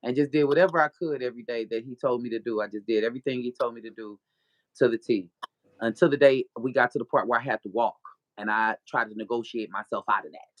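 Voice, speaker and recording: A woman's voice: a bass voice, fairly even intonation, fast talker, no room sound, highs cut off. A woman guest telling her story in a blunt, profane way, mixing in spiritual preaching and frequent laughter. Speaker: guest author. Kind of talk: candid personal storytelling.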